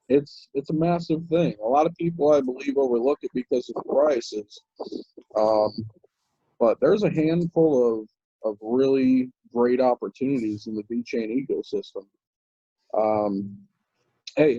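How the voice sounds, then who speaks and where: Husky, mellow-voiced man on a lo-fi call. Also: medium pitch, no echo. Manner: relaxed, rambling with many fillers and restarts. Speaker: guest crypto commentator. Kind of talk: casual chat.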